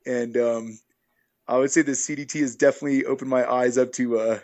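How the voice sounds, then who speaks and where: An easygoing man recounts trail stories at a relaxed, unhurried clip, his voice sitting at an ordinary middle pitch. He rambles, restarts and fills gaps with "um" and "uh". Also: dull audio. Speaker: guest, long-distance hiker. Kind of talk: casual interview storytelling.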